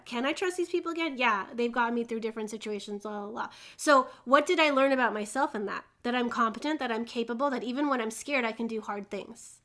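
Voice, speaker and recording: A young woman with a high, bright voice leads a casual spiritual lesson. She tells stories animatedly, laughs often and slips into little acted voices. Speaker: host. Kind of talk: casual spiritual teaching monologue.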